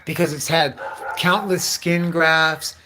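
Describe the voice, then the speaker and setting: Profane rambling man, slightly high voice. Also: steady tone, slow pace, noisy background. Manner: heavy profanity, loose run-on storytelling. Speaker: livestream host. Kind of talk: casual rambling livestream rant.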